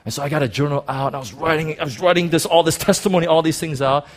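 A man preaching a sermon, telling a personal story in an excited, animated way with many restarts. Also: a little high, racing.

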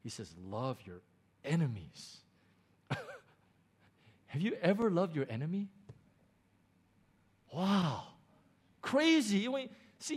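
A middle-aged male pastor preaching a sermon in a church, animated and excited, with frequent stammering restarts as he builds emphasis. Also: high-pitched. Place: church in Hong Kong.

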